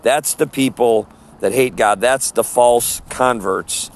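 A man's voice: mid-range voice, takes it slowly. A man preaching on the street, earnest and emphatic, quoting scripture.

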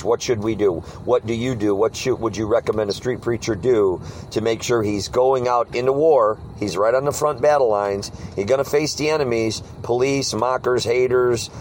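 A street preacher in casual talk, recorded outdoors with faint traffic humming behind him. His voice sits at an ordinary male pitch, and he tells his stories with animated energy, slipping into the voices of hecklers. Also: low-quality recording. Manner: animated storyteller, mimics hecklers. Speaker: street preacher leading a discussion. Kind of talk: casual group talk with acted-out quotes.

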